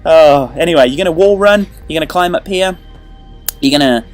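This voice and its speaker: A man hosting a video game walkthrough, joking and playful, with sudden excited outbursts. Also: fairly high pitch, fairly quick, soft background music. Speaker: let's play host.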